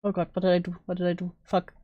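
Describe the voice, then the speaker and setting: A woman's voice: lowish voice, completely flat delivery, very fast, warm tone, lo-fi sound, slight background noise. A woman streamer reacting to a video with casual, sarcastic asides.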